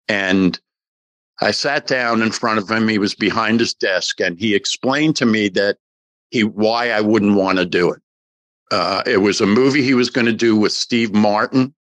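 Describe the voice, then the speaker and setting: A man's voice: on the low side, dry recording. An older man, an actor, telling a long story in an interview and acting out the lines of everyone in it. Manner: animated storyteller acting out quoted dialogue. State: emotional. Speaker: guest actor.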